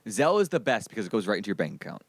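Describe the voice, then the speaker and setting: Comedy podcast co-host: a teasing man who laughs a lot, with a lively, mid-pitched voice in a dry room. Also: rapid-fire, dry recording.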